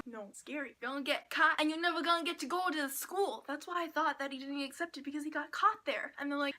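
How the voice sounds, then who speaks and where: Bright, high-voiced excitable young woman. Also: fairly quick, hardly any pauses. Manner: gushing and excitable, with whispered asides. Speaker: book vlogger. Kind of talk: casual book review chat.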